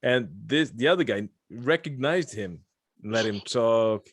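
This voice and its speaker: A man's voice: mid-range voice, unhurried, no echo, studio quality. A man from Lithuania hosting a podcast, chatting casually and joking, rambling with frequent restarts. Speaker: podcast host. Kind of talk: casual chat.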